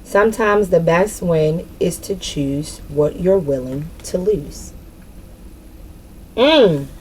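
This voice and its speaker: Woman card reader, low mellow voice, blunt and profane, light hiss behind. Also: takes it slowly, poor audio. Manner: cursing, expressive and frank. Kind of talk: casual spiritual reading.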